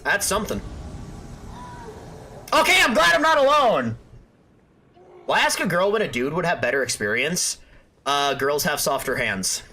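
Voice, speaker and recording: A man's voice: on the high side, very animated, a little slow, pauses often, bright, forceful tone, slight background noise. A young man streaming a game, chatting casually with his viewers and joking, trash-talking and bantering playfully. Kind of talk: casual live-stream chat while gaming.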